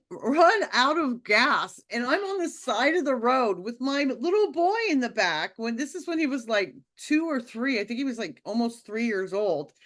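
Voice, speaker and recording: A woman telling a personal story in a casual, animated way, with lots of fillers and restarts. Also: fairly high pitch. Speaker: speaker sharing a personal testimony.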